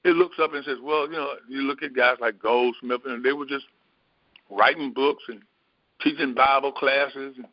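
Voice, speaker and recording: A middle-aged man giving a reflective metaphysical Bible teaching, unhurried and repetitive, musing aloud. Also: medium pitch, fairly even intonation, no echo. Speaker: spiritual teacher. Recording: dull, dry lo-fi recording.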